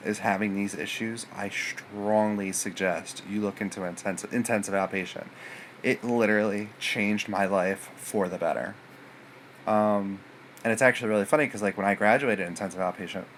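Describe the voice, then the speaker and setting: Low-voiced man rambling through his story. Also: a bit bright, slight background noise. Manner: rambling and hesitant, many fillers and restarts. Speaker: vlogger. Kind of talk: personal storytelling to camera.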